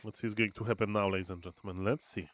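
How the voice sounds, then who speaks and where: A man's voice: lowish voice, fairly even intonation, quick pace, a bit bright. A young man casually casting a strategy game on a live stream, playful and chatty, calling out exclamations and reading viewer messages aloud. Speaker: esports caster and streamer.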